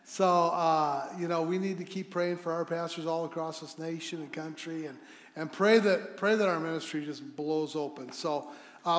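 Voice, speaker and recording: A man preaching to a congregation as a visiting speaker, telling stories with animated emphasis and leading prayer. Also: on the high side, normal speed, a little hiss or hum. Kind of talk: sermon with storytelling and prayer. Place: church sanctuary. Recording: echoey hall sound.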